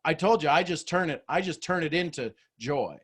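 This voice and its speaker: A man, hosting a group video call as a mentor, animated and goofy, often repeating words as he talks. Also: a little high, normal speed, husky.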